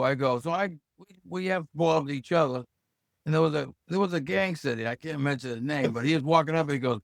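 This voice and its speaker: A man around seventy from Massachusetts, a podcast guest who tells lively stories and acts out the voices he quotes. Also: on the high side, fast, vocal fry, no echo, studio quality. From Hull, Massachusetts. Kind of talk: casual storytelling interview.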